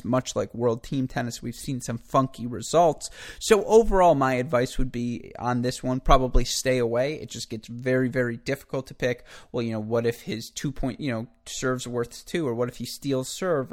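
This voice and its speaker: Male host, casual betting rundown, talkative, mid-range voice, self-correcting delivery. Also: medium pitch. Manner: chatty, rambling, self-correcting. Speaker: tennis betting podcast host.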